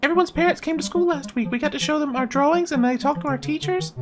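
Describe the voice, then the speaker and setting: A woman voicing an eager, chatty six-year-old girl in a game, speaking in a bubbly, excited way. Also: high-pitched, fast talker, voice pushed up, lightly acted. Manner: excited, bubbly, broken grammar when reading. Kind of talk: voice-acting a game.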